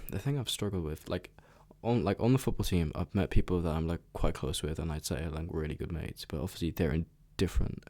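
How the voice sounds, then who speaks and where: A young man rambling casually in a soft, half-whispered ASMR chat, full of fillers and the odd swear word. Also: deep voice, brisk. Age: young adult. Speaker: ASMR creator.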